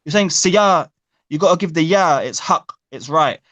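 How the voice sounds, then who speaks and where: A man's voice: a little high, lively intonation, normal speed, fairly bright tone. A man teaching a live online Arabic class, correcting students' pronunciation and explaining grammar.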